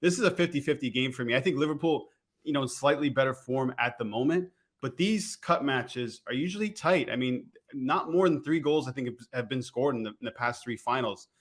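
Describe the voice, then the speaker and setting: A man's voice: mid-range voice, brisk. A man appearing as a guest betting analyst, giving his picks in an easygoing, casual way. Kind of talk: casual sports betting chat.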